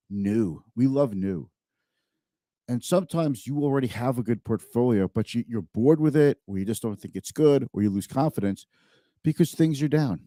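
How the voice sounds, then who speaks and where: A man's voice: mid-range voice, expressive, moderate pace, warm tone, no room sound, studio quality. A man hosting a live-streamed finance talk show, speaking conversationally and emphatically, often repeating words.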